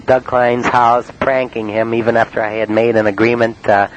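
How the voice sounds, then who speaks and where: A man in a spoken-word monologue, recounting his prank calls in a halting, matter-of-fact way with many uhs and ums. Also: medium pitch, little pitch movement, highs cut off, slight background noise. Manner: halting, full of uh and um.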